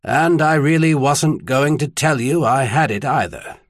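A man reading the part of a mild, measured older male archbishop in an audiobook. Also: mid-range voice, no echo, clean studio sound, pitched above the performer's own voice, natural voice. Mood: grave. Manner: mild, measured, then grave.

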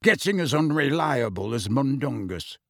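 A man voicing a grizzled old wizard warrior who mutters and growls his warnings slowly. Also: mid-range voice, sing-song, no echo, studio quality. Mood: gruff.

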